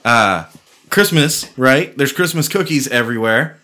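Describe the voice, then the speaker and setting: A man's voice: medium pitch, expressive, a little slow, bright, forceful tone. A man chatting casually with friends, telling loose stories full of swearing and filler words. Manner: laid-back storyteller, swears freely, lots of "like". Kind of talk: casual chat.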